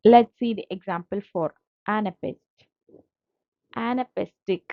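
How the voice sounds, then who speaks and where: Slow, patient woman teaching a lesson. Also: medium pitch, dry recording. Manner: slow, patient, repeats key terms. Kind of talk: slide-based literature lecture. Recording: dull lo-fi dry recording.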